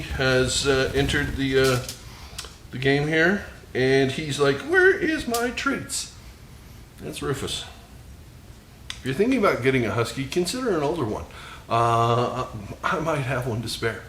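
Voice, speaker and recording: A man's voice: mid-range voice, a bit bright, reverberant, a little hiss or hum. Joking man hosting a cooking video. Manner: jokey, rambling, chatty asides. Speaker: cooking channel host. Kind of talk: casual cooking demonstration.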